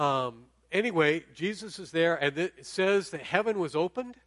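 A man's voice: a little high, lively intonation, normal speed, no echo. A middle-aged man preaching a sermon in a conversational way, often checking in with the audience. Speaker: pastor.

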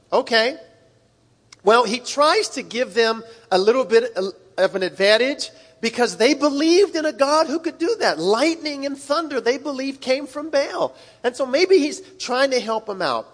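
A man preaching a sermon in a relaxed, conversational way, with folksy asides. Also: very high-pitched, normal speed. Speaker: pastor. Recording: long reverb of a large hall.

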